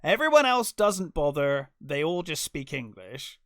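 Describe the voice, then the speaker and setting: A man co-hosting a casual film podcast, talking in an animated way and acting out his own reactions. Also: a little high, measured pace, dry recording, studio quality. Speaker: podcast co-host.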